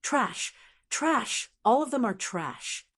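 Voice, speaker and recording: A woman's voice: a little high, sing-song, slow pace, fairly bright tone, breathy edge, pitched above the performer's own voice, exaggerated voice. A woman reading the part of a furious, ruthless middle-aged male clan elder who barks scornful orders in a storybook audiobook.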